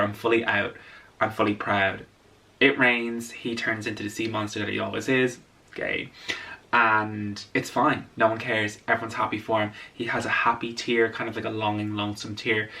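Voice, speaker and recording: A man's voice: lowish voice, bright, forceful tone, far from the mic. A man vlogger chatting casually about a film while doing his makeup, gushing and playful. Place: indoors at home, doing makeup on camera.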